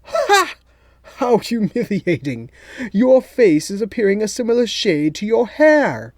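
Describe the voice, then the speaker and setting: A man voicing a gloating, theatrical male villain mastermind in a storybook reading, in a high, loud, drawn-out sneering voice. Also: huge pitch swings, dry recording, studio quality, heavily acted. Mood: taunting.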